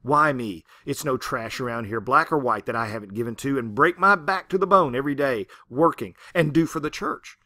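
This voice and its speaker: A man voicing a self-righteous Southern farm woman who rants and shouts at God, read aloud in a lecture. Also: mid-range voice, brisk, few pauses, dry recording. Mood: indignant.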